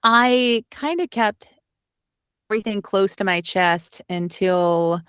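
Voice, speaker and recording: A woman's voice: mid-range voice, takes it slowly, fairly bright tone, clear, resonant tone, dry recording, clean studio sound. A woman from Alabama with a light, toned-down Southern accent, chatting in an interview as an audiobook narrator, rambling with lots of fillers. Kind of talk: casual interview.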